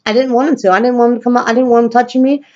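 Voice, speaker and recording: A woman's voice: fairly high pitch, fairly even intonation, very fast, darkish tone, muffled recording. A woman vlogger telling a personal story in a blunt, profane, rambling way.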